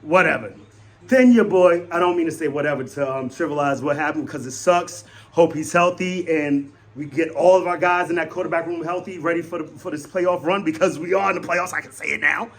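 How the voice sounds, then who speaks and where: Excitable man giving fan postgame commentary. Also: fairly quick. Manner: excitable, swings between loud hype and low mutters. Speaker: sports fan vlogger.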